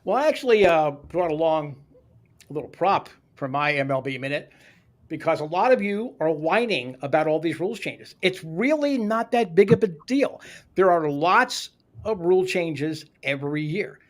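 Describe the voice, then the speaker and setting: A man's voice: a little high, animated, normal speed. A Canadian man co-hosting a sports podcast, ranting in a sarcastic, opinionated way. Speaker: podcast co-host. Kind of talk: casual sports podcast chat.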